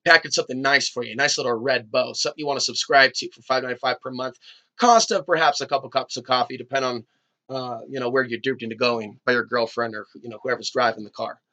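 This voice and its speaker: Fast-talking and forceful, this man has a medium-pitched, bright voice. Hosting his own video, he rambles through a spiritual monologue, wandering freely between tangents.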